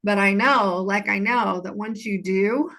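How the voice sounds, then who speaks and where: A woman's voice: medium pitch, unhurried, a bit bright. A woman hosting a solo podcast, talking earnestly and casually about healing, repeating phrases for emphasis. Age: adult. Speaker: podcast host and healing coach.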